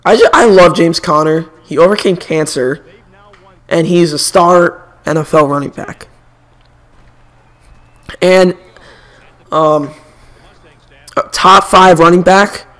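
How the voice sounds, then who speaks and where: A man's voice: on the high side, slow pace, pauses often. A young man streaming a video game, chatting casually and giving opinionated sports takes. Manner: opinionated, animated sports banter. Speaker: gaming streamer. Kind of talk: casual chat while playing a video game.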